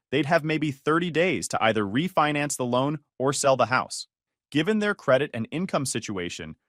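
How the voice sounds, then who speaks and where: Male first-person narrator, measured and wry, expressive pitch, dry booth sound. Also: no room sound.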